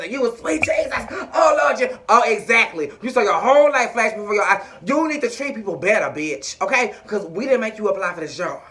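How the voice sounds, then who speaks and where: Woman, TV recapper. Bright, sassy, animated delivery with lots of swearing. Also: on the high side. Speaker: TV episode recapper. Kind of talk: casual episode recap.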